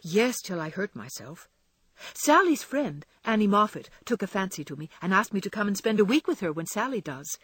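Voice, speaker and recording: A woman reading a gentle, weary young older sister. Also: medium pitch, big pitch swings, moderate pace, breathy edge, dry recording. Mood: eager. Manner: soft, tired and pleading.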